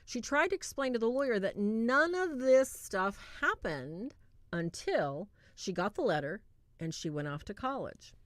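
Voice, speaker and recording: A woman hosting a livestream, retelling a film in a casual, animated way and acting out quoted lines. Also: on the high side, unhurried, no echo. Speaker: livestream host reviewing a film.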